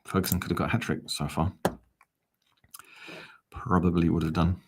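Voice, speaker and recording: Football fan host, male, deep voice, chatty live-stream commentary, reads the chat with wry asides. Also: little pitch movement, moderate pace, noisy background.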